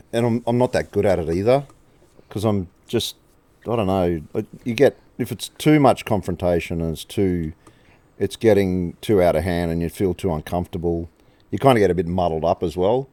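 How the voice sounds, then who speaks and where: A man's voice: deep voice, dark tone, dry recording. A middle-aged man, co-hosting a podcast in casual, laid-back chat and telling stories. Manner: laid-back storytelling with laughs, acts out quoted voices. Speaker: podcast co-host.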